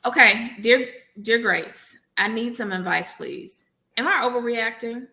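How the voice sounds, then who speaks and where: A woman's voice: on the high side, measured pace, pushed and bright. A woman educator reading an advice letter aloud on a panel, adding playful asides.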